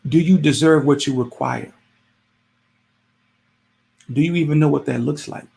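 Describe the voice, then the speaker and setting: Gravelly man giving casual advice. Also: fairly high pitch, a little slow, a little mellow. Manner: conversational, repetitive, preachy with rhetorical questions. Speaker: podcast host. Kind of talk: casual motivational monologue.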